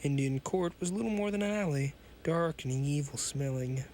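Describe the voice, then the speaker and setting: A man's voice: a little high, normal speed, darkish tone, a little hiss or hum. Casual man reading a pulp story aloud. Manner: casual asides, stumbles over words. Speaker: podcast host reading stories.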